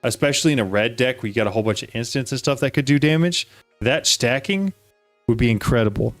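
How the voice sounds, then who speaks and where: An excitable man talks through a card-opening session and reads card text aloud. His voice sits at an ordinary middle pitch. The recording is dry and close, with faint music underneath. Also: quick pace, dry recording. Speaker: card-opening video host. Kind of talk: casual card-opening commentary.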